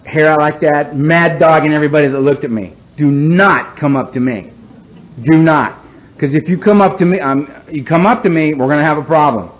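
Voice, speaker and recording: Brief: middle-aged man, wry self-mocking storyteller, fairly high voice, dull lo-fi recording. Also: fairly quick. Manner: wry, self-mocking storyteller, swings from low somber to loud animated. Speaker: recovery meeting speaker. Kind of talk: personal story told to a meeting. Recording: dull lo-fi recording with faint hiss.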